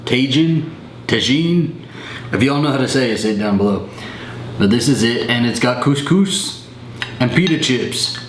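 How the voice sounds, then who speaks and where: A man's voice: medium pitch, normal speed. Young man in an echoey home room. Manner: chatty, laughs often, reads a sponsor spot. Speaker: vlogger. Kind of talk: casual vlog chat. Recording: echoey room, faint noise.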